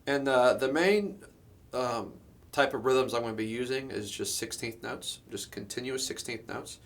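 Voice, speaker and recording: Drum teacher, male, average pitch; casual explainer, lots of "um" and "okay?". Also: normal speed, creaky. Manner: relaxed, explanatory, many fillers and "okay?" check-ins. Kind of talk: instructional lesson.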